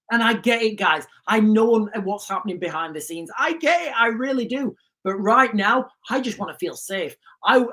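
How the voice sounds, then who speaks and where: A man's voice: sits high, a bit bright. Ranting man livestreaming. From United Kingdom. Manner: emphatic, repeats himself, asks viewers questions. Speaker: livestream host.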